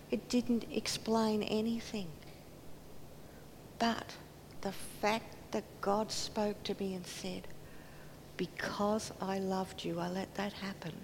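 A woman giving a sermon in earnest tones, acting out quoted voices and dropping to near whispers. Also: a little mellow. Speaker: preacher. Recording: hall reverb, faint rumble.

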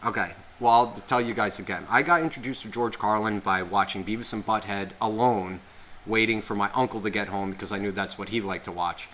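A man in his thirties, a podcast co-host, telling a long rambling story in casual chat, swearing a lot and filling every pause with "like.". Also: fairly low pitch, fairly even intonation, a bit bright, slight background noise. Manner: rambling, heavy profanity, constant "like" fillers.

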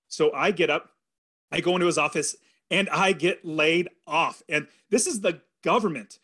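Man, middle-aged, podcast guest, earnest storyteller, fairly high voice, acts out his own thoughts. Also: a bit bright. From California. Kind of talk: storytelling in an interview.

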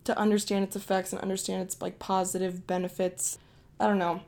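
A woman's voice: mid-range voice, little pitch movement, fairly quick, darkish tone. A young woman from Ohio telling a story in a casual monologue, blunt and full of swearing. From Ohio, USA. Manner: profane, blunt, emphatic. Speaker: podcast host.

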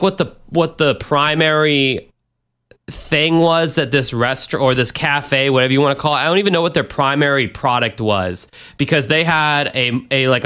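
A man's voice: on the high side, bright, forceful tone, clean tone. A young man co-hosting a podcast, chatting casually and telling loose, rambling stories with some swearing. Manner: rambling, loose storytelling with profanity. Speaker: podcast co-host. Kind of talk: casual chat.

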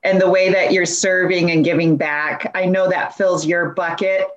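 A woman's voice: on the low side, little pitch movement, moderate pace, dull audio. A woman hosting a podcast interview, effusive and bubbly, laughing easily with her guest. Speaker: podcast host. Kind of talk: casual interview chat.

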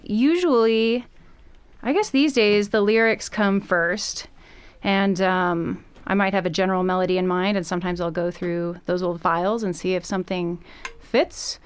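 A woman's voice: medium pitch, fairly even intonation, normal speed, clean tone. A woman, a singer and songwriter, talking in a modest, giggly way in a radio studio interview.

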